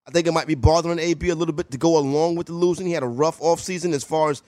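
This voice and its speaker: A man's voice: fairly high pitch, fairly even intonation, racing, darkish tone. Upbeat male sports radio host. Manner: loose, enthusiastic banter. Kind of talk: casual sports radio chat. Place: radio studio.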